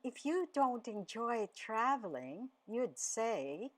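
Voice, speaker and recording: A woman teaching a radio language lesson, enunciating slowly and carefully and repeating each word. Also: medium pitch, big pitch swings.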